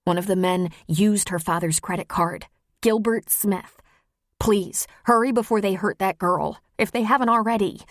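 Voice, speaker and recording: A woman's voice: medium pitch, moderate pace, dry recording, clean studio sound, natural voice. A woman reading an audiobook, voicing a frightened young woman who runs a camp store, urgent and pleading.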